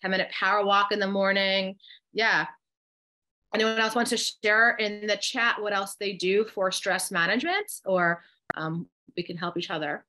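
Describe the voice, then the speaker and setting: A woman's voice: mid-range voice, normal speed, bright, forceful tone. Middle-aged jersey woman on a video call, coaching a group thru breathing, reading the chat, encouraging. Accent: New Jersey. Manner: encouraging, guides breathing exercises step by step; reads and reacts to chat comments. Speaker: co-host and coach. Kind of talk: live online workshop.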